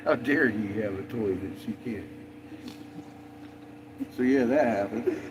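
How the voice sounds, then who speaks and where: A man's voice: fairly low pitch, unhurried, background noise. A man chatting casually on a road-trip vlog, laid-back, swearing freely and laughing often. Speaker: vlogger traveling with dogs. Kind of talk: casual chat.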